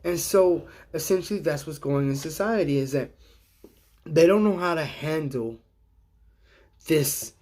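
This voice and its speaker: A man's voice: a little high, measured pace, long pauses, darkish tone. A middle-aged man hosting a casual livestream, talking in a rambling, profane way and chuckling at his own jokes. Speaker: livestream host.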